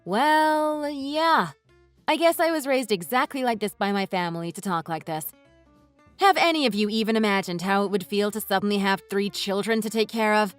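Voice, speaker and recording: A woman voicing a furious wife in a text-message story, who talks in a sharp, sarcastic, cutting way. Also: mid-range voice, moderate pace, no echo, soft background music, lightly acted. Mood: scornful. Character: furious wife confronting her in-laws.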